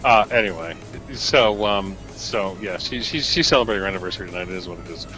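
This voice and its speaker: A man with a New Jersey accent, co-hosting a casual live-stream chat, animated and talkative with quick asides. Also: low voice, soft background music, low-quality recording.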